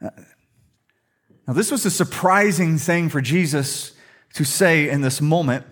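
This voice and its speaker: A man's voice: a little high, a little slow, a bit bright. A middle-aged male pastor preaching a sermon in a humorous, conversational storytelling way.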